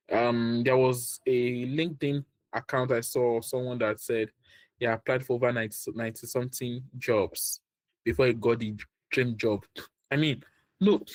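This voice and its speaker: A man's voice: mid-range voice, no room sound. A man giving a motivational career talk, repeating his points, laughing often and acting out the people he quotes. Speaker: career workshop speaker.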